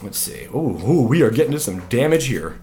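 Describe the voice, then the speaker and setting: A man hosting a casual card review vlog at home, animated, swearing freely and breaking off into joking rants. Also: medium pitch, brisk. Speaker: card game video host.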